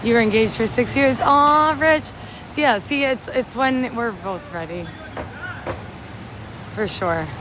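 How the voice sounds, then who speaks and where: A young woman from upstate New York talks on a phone livestream while walking through a rainy city at night. She rambles and chats, and she reads out and thanks her viewers. The street noise is clear behind her voice. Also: a little high, slow pace, long pauses. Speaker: livestream host. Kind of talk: casual livestream chat.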